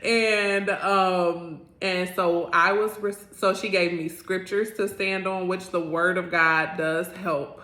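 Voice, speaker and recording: A woman in her thirties telling an earnest personal story as a vlogger, animated and full of "like" fillers. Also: lowish voice, slow pace, hardly any pauses. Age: 30s. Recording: roomy echo.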